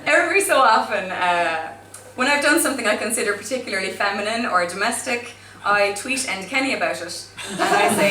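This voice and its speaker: A woman performing spoken word as a guest poet, wry and chatty between pieces, slow and deliberate in her poems. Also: on the high side, lively intonation, reverberant, recorded from a distance, background noise. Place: pub performance room.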